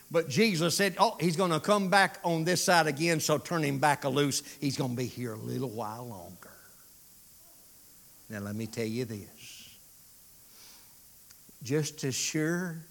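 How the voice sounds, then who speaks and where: A man preaching a sermon, swinging from loud pleading to hushed, drawn-out phrases. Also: fairly high pitch.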